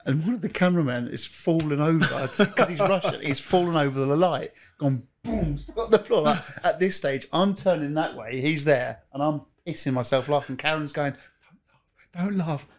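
A man telling animated stories in casual podcast chat, laughing as he goes and acting out what people said. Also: a little high, normal speed, hardly any pauses. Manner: animated anecdotes, laughs while telling, acts out quotes. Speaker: podcast co-host, former football interviewer.

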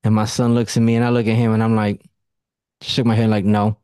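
A man's voice: fairly low pitch, little pitch movement, a little fast, warm tone, clean tone, no room sound, studio quality. A man hosting a casual podcast conversation, telling blunt stories and swearing freely. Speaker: podcast host.

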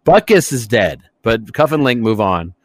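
A man co-hosting a casual podcast, riffing on old movies with profanity and sudden shouted impressions. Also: medium pitch, sing-song, moderate pace, no echo. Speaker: podcast co-host.

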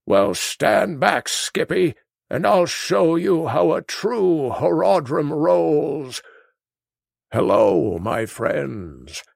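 An elderly sage with a deeply gravelly, creaking voice that rises and falls widely as he speaks. He talks very slowly, in a drawn-out storyteller's way, in a dry and close recording. He is cranky and indignant, like a grumpy old man. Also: big pitch swings, no echo, heavily acted. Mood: grand. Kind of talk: comedic call-in sketch.

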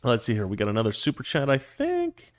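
Middle-pitched man in his forties, opinionated show host addressing viewers, dry close mic. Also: huge pitch swings, brisk, no echo. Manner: opinionated, talks straight to viewers. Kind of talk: casual political commentary with viewer chat.

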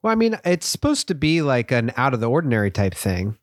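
A man's voice: mid-range voice, big pitch swings, brisk, no echo, clean studio sound. A young man co-hosting a comedy podcast, rambling and self-deprecating, often laughing. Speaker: podcast co-host. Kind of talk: casual comedic chat.

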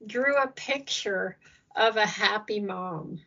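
Gravelly-voiced woman talking earnestly. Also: mid-range voice, slow pace, bright, forceful tone, lo-fi sound. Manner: earnest, acts out prayers in a lifted voice. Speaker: guest speaker on Christian ministry. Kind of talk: conversational interview.

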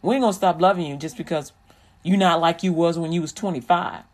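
A vlogger giving preachy, sermon-like encouragement, repeating phrases and slowing down to stretch out key lines. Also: mid-range voice. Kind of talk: preachy inspirational commentary.

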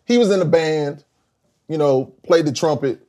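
A middle-aged man from South Carolina, a guest telling lively stories in a casual interview, acting out quotes with big jumps in his voice. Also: normal speed. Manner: animated storyteller, acts out quotes with big pitch jumps. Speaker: guest, former band vocalist.

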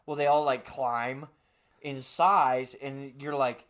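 A man in casual comedic chat, crude and profane, laughing often and breaking into loud bits. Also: mid-range voice, steady tone, unhurried.

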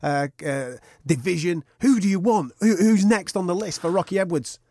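A man putting on an eager interviewer pressing a fighter with excited questions. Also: sits high, normal speed, voice pushed up. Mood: pushing.

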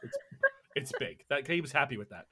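A man narrating as game master of a tabletop game, animated and laughing often. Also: mid-range voice, a little fast, breathy edge.

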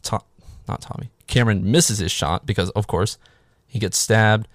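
A man's voice: on the low side, moderate pace, no room sound, clean studio sound. A man giving a casual, sarcastic, profane recap of a film, rambling with lots of filler words. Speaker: movie recap host.

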